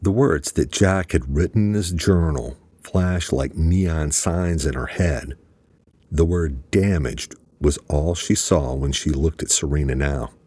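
A man narrating an audiobook in a steady, measured storytelling voice. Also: extremely low pitch, slightly rough, no echo. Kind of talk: scripted narration.

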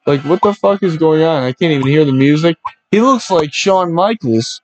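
A man's voice: a little high, expressive, normal speed. A man hosting a casual podcast, joking around and swearing loosely. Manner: profane, joking, loose banter. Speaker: podcast host.

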